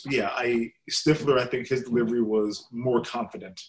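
A man in casual podcast chat, with a voice of ordinary middle pitch. He pokes fun at himself, hedging and pausing with fillers as he talks. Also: fairly even intonation, rough recording. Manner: self-deprecating, hesitant with fillers. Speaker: podcast co-host.

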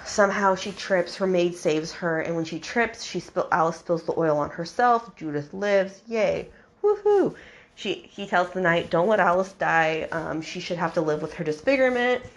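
Exasperated young woman recapping a book. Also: on the low side. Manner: animated, exasperated, mock-quoting characters. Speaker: podcast host reviewing a book.

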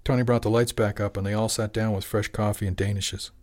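A man reading a serialized audiobook with calm, steady narration. His voice sits low. The reading is even and unhurried. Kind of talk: scripted narration.

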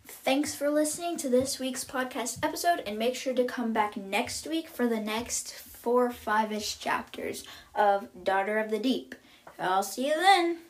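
A woman's voice: a little high, animated, unhurried. A woman hosting a solo book-review podcast, giving a friendly, upbeat sign-off to listeners. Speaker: podcast host.

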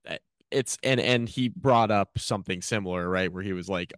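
A man's voice: low voice, normal speed, fairly bright tone, smooth, dry recording, clean studio sound. A man co-hosting a casual sports podcast in a wry, matter-of-fact way. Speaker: podcast co-host.

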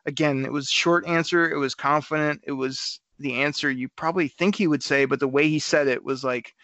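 A man hosting a casual sports talk show, talking in a rambling, animated way and laughing often. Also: medium pitch, no room sound. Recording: dry, slightly dull audio.

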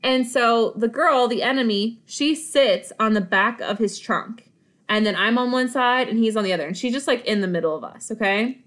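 A woman with a fairly high voice co-hosting a podcast. She tells a personal story casually and dramatically, punching her points with quick asides and often laughing as she talks. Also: fairly bright tone. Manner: emphatic, dramatic retelling with frequent asides; laughs while talking. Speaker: podcast co-host.

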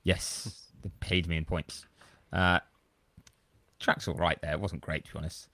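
Very deep-voiced man chatting casually. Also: flat delivery, a little slow, bright, forceful tone, no echo. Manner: rambling, self-deprecating storyteller. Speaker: podcast co-host. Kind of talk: casual chat.

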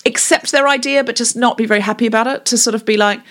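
A woman comedian as a podcast guest, explaining improv teaching in chatty, animated talk and slipping into quick acted voices. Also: fairly high pitch. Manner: animated, slips into quick voiced mini-scenes while explaining; chatty with frequent fillers and restarts. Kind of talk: conversational interview.

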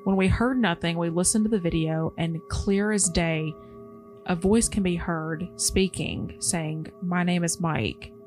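Soft-spoken woman reading a spooky story. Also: on the low side, a little slow, faint music behind. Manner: easily scared, self-described paranoid. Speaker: podcast co-host. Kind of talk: reading a story aloud, casual chat.

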